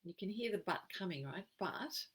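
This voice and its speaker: An Australian woman giving an expressive, emphatic live-streamed wellbeing talk as a program facilitator. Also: lowish voice, unhurried, rough recording. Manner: expressive, emphatic, acts out quoted phrases.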